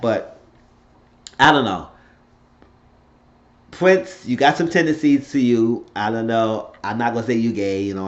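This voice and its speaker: A man's voice: lowish voice, muffled recording. A man giving a blunt, opinionated, rambling recap of a TV episode in a casual unscripted way. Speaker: TV show reviewer.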